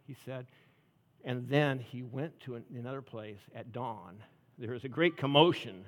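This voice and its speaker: A man preaching a sermon, retelling a Bible story in an animated way, acting out the characters and laughing along. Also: high-pitched, in a large hall.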